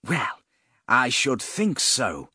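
A man's voice: lowish voice, big pitch swings, takes it slowly, bright, forceful tone, husky, no room sound, clean studio sound, heavily acted. A man voicing an ancient giant male serpent spirit, proud and easily irritated. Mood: indignant. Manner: huffy, incredulous.

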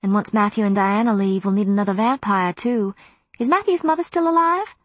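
A woman's voice: medium pitch, fairly quick, no echo, voice pushed up, natural voice. A woman voicing a dreamy, crooning young pregnant witch in an audiobook.

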